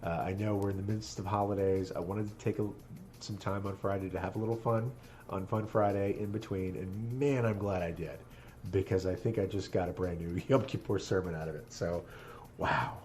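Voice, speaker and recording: Rabbi guy streaming a game, mellow lowish voice, gets all choked up, laughs a lot. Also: steady tone, normal speed, a little hiss or hum. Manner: earnest and moved, laughs often. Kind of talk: casual live-stream chat while gaming.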